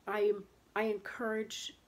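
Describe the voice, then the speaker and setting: A woman's voice: mid-range voice, monotone, slow. A woman in her thirties talking candidly and in a rambling way, frustrated, with many fillers and restarts, in a casual personal monologue. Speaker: vlogger talking about chronic pain.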